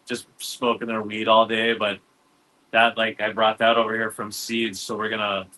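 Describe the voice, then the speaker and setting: A man's voice: fairly low pitch, completely flat delivery, moderate pace, bright, forceful tone, rough recording. A man in casual chat telling loose stories, full of surfer slang and "dude.". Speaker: cannabis grower, guest.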